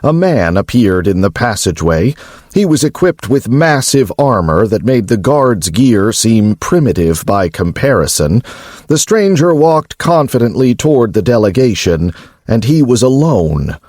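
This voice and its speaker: A man narrating an audiobook in a measured storytelling manner. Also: mid-range voice, very animated, darkish tone, no echo, clean studio sound.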